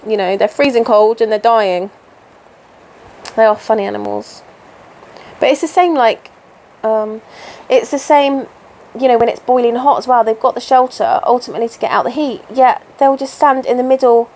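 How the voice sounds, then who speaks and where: A woman in her thirties hosting a relaxed stitch-along chat at home, rambling and interrupting herself as she works. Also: a little high, normal speed. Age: 30s. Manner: chatty, rambling, self-interrupting. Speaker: crafting channel host. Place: home, indoors.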